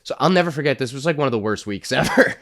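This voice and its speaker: A male comedian telling family stories on a podcast, animated and swearing freely. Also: mid-range voice, racing. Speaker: comedian guest. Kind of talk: casual podcast storytelling.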